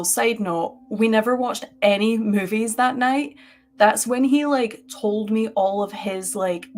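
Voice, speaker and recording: Woman, stream co-host, animated and chatty, full of "like" fillers, webcam sound, mid-pitched voice. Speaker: podcast co-host. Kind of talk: casual live-stream storytelling. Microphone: webcam on a live stream.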